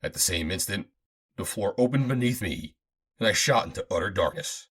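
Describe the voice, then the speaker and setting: Husky male audiobook narrator. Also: lowish voice, normal speed. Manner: dramatic, expressive reading. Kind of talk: first-person audiobook narration.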